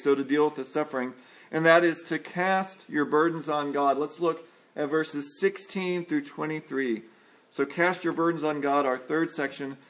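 A middle-aged man, preaching a sermon in an earnest way, slowing down and dropping low to stress key words. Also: fairly bright tone. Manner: earnest preaching, slows and drops low for emphasis. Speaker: pastor.

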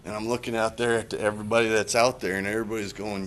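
Earnest, halting man preaching. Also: lowish voice, flat delivery, a bit bright, slight background noise. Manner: earnest, confessional, halting with repeated restarts. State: choked up. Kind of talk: sermon.

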